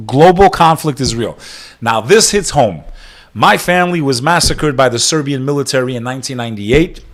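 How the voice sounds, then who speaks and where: A man hosting a live news-reaction podcast. He reads headlines aloud and then breaks into profane, sarcastic rants that grow heated. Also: on the high side.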